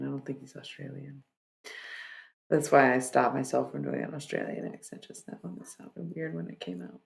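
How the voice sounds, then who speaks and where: A woman's voice: low-pitched, gravelly, darkish tone. A woman livestreamer chatting casually with her viewers, rambling and laid-back, with lots of fillers and restarts.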